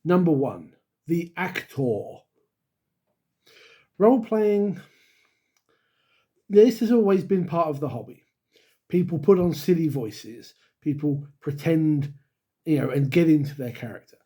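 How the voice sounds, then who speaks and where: A man's voice: on the high side, expressive, a little slow, pauses often, mellow, breathy edge. A middle-aged man from the UK, hosting his own channel and talking straight to camera with candid, wry opinions and the odd sigh. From United Kingdom. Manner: wry, candid, with sighs and dry asides. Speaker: YouTube host and dungeon master. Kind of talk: opinionated solo talk to camera.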